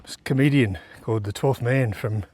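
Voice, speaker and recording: A man's voice: mid-range voice, normal speed, a little mellow. An Australian man vlogging casually on a riverside trail, chatting in an easygoing, rambling way with lots of fillers while he walks. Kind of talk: casual outdoor vlog chat.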